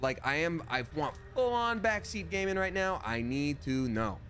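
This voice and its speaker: Animated man streaming a game, lively voice. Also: a little high, normal speed. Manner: animated, reads chat aloud with playful voices. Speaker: streamer playing a video game. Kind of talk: casual live-stream chatter.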